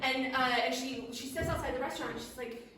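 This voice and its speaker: A woman narrates an improvised story in a playful, chatty way, her voice sitting fairly high. She is heard from a distance in a very echoey hall, with faint room ambience behind her. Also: quick pace, bright, forceful tone, a little hiss or hum. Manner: playful and chatty, laughing at her own twists. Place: live stage at a fringe festival. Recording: echoey hall, mic far off.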